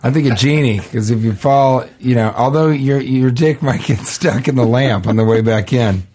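A man's voice: medium pitch, moderate pace, darkish tone, breathy edge. Male podcast co-host, casual comic reader of listener questions, dry offhand riffs. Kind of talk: casual comedic chat.

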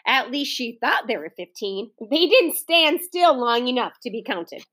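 Reading aloud to young kids, a woman speaks a little slowly in a higher register. She animates the story with children's voices and breaks off between passages to chat directly with her audience.

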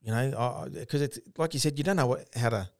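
A man's voice: mid-range voice, fast talker, no room sound, clean studio sound. An Australian man, a former education worker, telling stories in a casual, plain-spoken way with frequent restarts. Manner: plain-spoken, animated storyteller with many restarts. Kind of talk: casual storytelling chat.

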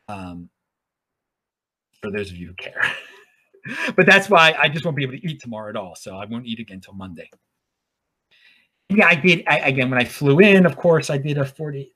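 Rambling male vlogger with a lively voice. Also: mid-range voice. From Baltimore. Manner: rambling, off-the-cuff. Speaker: show host. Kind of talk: casual monologue.

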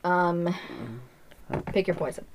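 A young woman narrating a tabletop game as game master, giggly and halting. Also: fairly low pitch, flat delivery, slight background noise.

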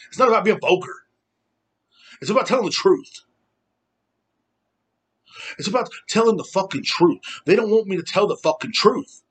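A man's voice: high-pitched, lively intonation, normal speed, pauses often, husky. A man in his thirties hosting a podcast, ranting heatedly and rambling, swearing often. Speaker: podcast host. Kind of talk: casual rant.

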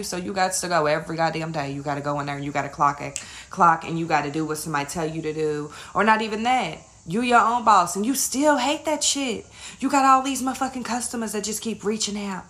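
Sassy, profane woman giving tough-love pep talk. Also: fairly bright tone. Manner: blunt, profane, calls listener honey and baby; sassy, pitch jumping up for emphasis. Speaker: motivational speaker.

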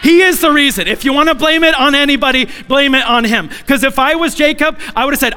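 A man's voice: extremely high pitch, a little fast, few pauses, long reverb tail. A male preacher telling a scripture story with humor, acting out the voices. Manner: humorous, animated, acts out quotes. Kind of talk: sermon storytelling.

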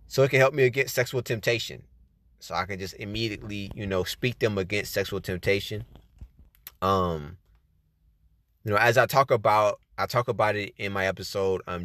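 A man's voice: sits low, a bit bright, no echo. A man hosting a podcast, talking casually about Bible study and often saying "you know what I'm saying.". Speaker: podcast host. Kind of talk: casual faith talk, reading tips.

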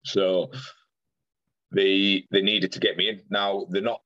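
A man's voice: low-pitched, flat delivery, slow, fairly bright tone, dry recording, muffled recording. A young man, a podcast guest earnestly retelling a personal story in detail, with many restarts and quoted dialogue. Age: young adult.

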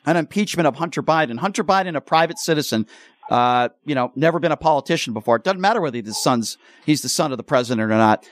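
A man's voice: on the high side, lively intonation, fast talker, no echo, clean studio sound. A man hosting a call-in radio show, blunt and argumentative. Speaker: radio talk show host.

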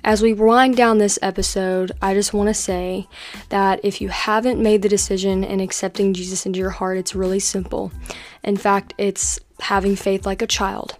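A woman hosting a faith podcast, talking in an energetic, encouraging, conversational way. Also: medium pitch, normal speed, soft background music. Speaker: podcast host.

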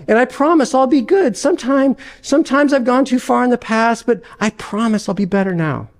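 A man's voice: extremely high pitch, fairly quick, pitched above the performer's own voice. A man voicing a sly, clingy little lizard that coaxes and wheedles in a sermon reading. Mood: wheedling. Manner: wheedling, coaxing.

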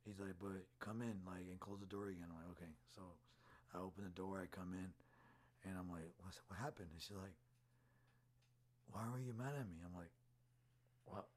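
Brief: deep, husky man, animated storyteller, casual podcast chat. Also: fast. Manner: animated storyteller acting out quotes.

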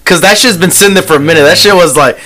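A man's voice: high-pitched, very fast, bright, forceful tone. A man co-hosting a casual podcast chat, rambling with many fillers and laughing often. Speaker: podcast co-host.

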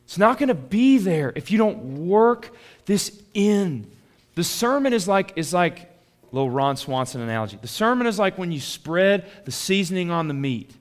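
A young adult man, a pastor preaching a conversational sermon that drops soft and swells loud. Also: sits high, very animated, moderate pace.

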